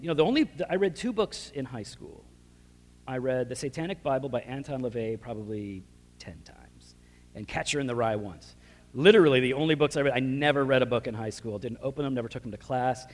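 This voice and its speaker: A man's voice: medium pitch, a little mellow. Man telling his story in a reverberant hall. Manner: casual, self-deprecating storytelling with slang fillers. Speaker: preacher giving his testimony. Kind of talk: personal testimony talk. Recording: long reverb of a large hall.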